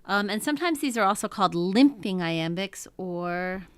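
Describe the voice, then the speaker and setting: A woman teaching a lesson in a patient, explanatory way, often pausing to check in with her listeners. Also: mid-range voice, lively intonation, smooth, no echo. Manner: patient, explanatory, frequent "um" and "okay?" check-ins. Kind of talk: classroom lecture.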